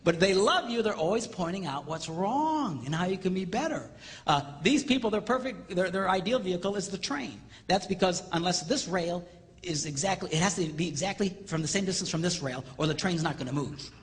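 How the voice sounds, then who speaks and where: A man's voice: high-pitched, animated, brisk. A man giving a live, comedic seminar lecture, acting out quoted voices for laughs. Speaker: seminar speaker. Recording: reverberant hall with faint noise.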